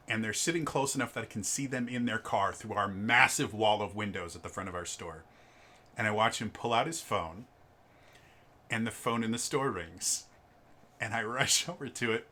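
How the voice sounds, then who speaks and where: A man in his twenties telling an animated, casual story about his old retail job. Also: medium pitch, normal speed. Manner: animated, lively storytelling with restarts. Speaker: storyteller, former retail tech manager. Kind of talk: casual anecdote.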